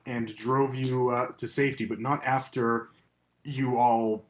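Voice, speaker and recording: A man's voice: mid-range voice, steady tone, a little slow. A man narrating as game master, recapping the story with frequent fillers. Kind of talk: narrating a tabletop horror game.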